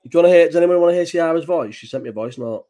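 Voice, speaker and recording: Hosting a laid-back late-night stream from home with a child around, a Bolton man rambles, chats and swears liberally. He talks very fast in a mellow voice that's a little high.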